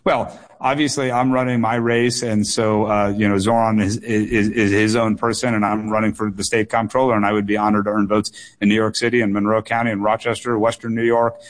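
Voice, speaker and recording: A man's voice: fairly low pitch, level tone, brisk, few pauses. A man in his thirties, a political candidate answering questions on a radio call-in show, earnest and repeating words for emphasis. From United States.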